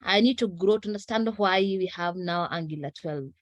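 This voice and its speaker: A woman's voice: on the low side, fairly quick, no room sound. A woman from the audience earnestly recapping points she learned. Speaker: audience participant. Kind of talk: casual recap.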